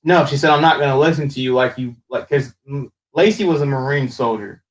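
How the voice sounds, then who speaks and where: A man's voice: medium pitch, a little fast, poor audio. Rambling man recapping wrestling casually. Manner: rambling, animated storytelling with restarts. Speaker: show host.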